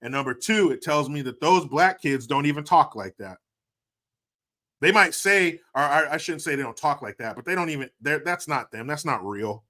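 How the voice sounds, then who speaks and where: A man delivers a profane, sarcastic commentary rant, his voice leaping around in pitch and landing hard on punchlines. His tone is bright and forceful. He drops into low mutters for asides, then jumps back up to mock. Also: animated, moderate pace. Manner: swings between loud outbursts and low muttered asides. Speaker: commentary video host. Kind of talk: opinionated commentary.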